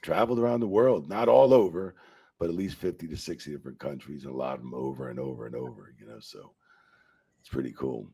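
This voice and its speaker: A man's voice: deep voice, expressive, fast talker, creaky, mellow, slight background noise. A man, a retired wrestling referee telling stories in a casual interview, rambling and profane, full of "you know" and "man.".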